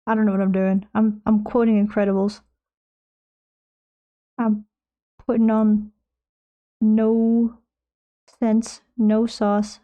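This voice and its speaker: A woman streamer chats while she paints, rambling and joking and now and then slipping into silly put-on voices. Her voice sits a little high, with a mellow, soft tone. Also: flat delivery, a little slow, pauses often. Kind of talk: casual chat while painting.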